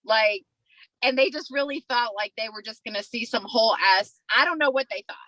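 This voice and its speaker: Bright, animated woman telling a story. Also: fairly high pitch, fairly quick, no echo, low-quality recording. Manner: animated, profane, acts out voices while telling a story. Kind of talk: casual storytelling chat.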